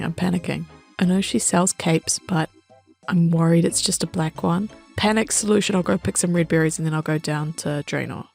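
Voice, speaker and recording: A woman casually narrating her gameplay in an excitable, chatty way. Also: lowish voice, vocal fry, breathy edge. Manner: excitable, chatty, quick laughs and gasps. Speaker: gaming vlogger.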